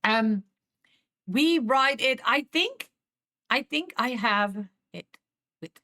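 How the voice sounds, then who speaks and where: A woman's voice: on the high side, expressive, slow pace, sharp tone. A woman with a Dutch accent chatting casually with viewers on a live stream, laughing often and repeating herself as she talks.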